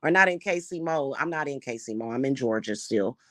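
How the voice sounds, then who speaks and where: A woman's voice: a bass voice, animated, a little fast, a bit bright, no echo, studio quality. A middle-aged woman ranting to camera in a vlog. She sounds heated and profane, repeats herself and often restarts her sentences. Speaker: spiritual reader and spellwork vlogger. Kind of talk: unscripted angry rant to camera.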